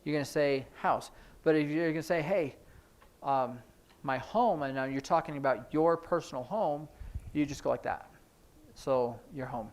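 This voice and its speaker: Guy teaching sign language at church, kinda high voice, explaining signs as he shows them. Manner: explains signs while demonstrating, hurried asides. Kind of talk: classroom instruction. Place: church classroom.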